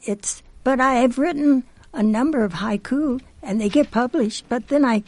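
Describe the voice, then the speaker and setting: Husky, gravelly woman guest poet. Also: high voice, moderate pace, a little mellow, no room sound.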